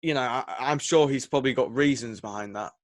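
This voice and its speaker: A man's voice: medium pitch, fairly quick, no echo. A young man, co-hosting a casual podcast chat, rambling and hesitant with lots of fillers. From England. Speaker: podcast co-host.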